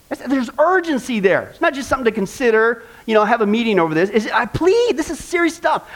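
A man with a strikingly high speaking voice preaching to his congregation. He talks earnestly and conversationally, pleading on serious points, then easing into light humor. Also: animated, fast talker, hardly any pauses. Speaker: pastor. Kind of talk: sermon.

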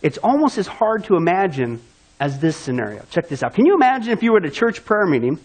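A man's voice: high-pitched, sing-song, fast, husky. A man preaching a sermon who poses rhetorical questions and answers them himself, then draws the listener into a vivid scenario.

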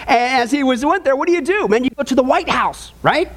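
High-voiced joking pastor, man. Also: brisk. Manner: animated, jokey, tosses in audience asides. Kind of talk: joking sermon.

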